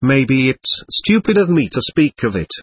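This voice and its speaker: A man voicing a simple, pious peasant coachman who speaks slowly and deferentially. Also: mid-range voice, very animated, slightly rough, no echo. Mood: hesitant. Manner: slow, deferential, gentle. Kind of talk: audiobook character voice.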